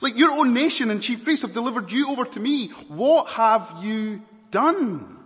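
A man voicing an incredulous, indignant Roman governor, who loudly scoffs and protests in a raised, exasperated voice. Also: animated, moderate pace, big-room sound. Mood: defensive. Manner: loud, exasperated, high-pitched outbursts.

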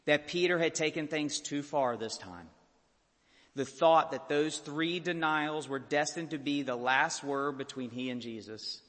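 A man preaching a sermon as a pastor, impassioned and building to loud peaks. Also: a little high, unhurried. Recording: long hall reverb.

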